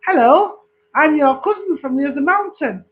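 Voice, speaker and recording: A man voicing a polite young male visitor who flatters his cousin with eager praise. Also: very high voice, moderate pace. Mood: flattering. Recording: tinny phone-like recording.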